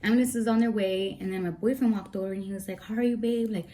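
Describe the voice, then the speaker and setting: A woman's voice: mid-range voice, steady tone, quick pace, dark tone. A young woman vlogger telling an emotional story, tearful and rambling as she recounts it. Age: young adult. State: teary. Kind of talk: storytime vlog.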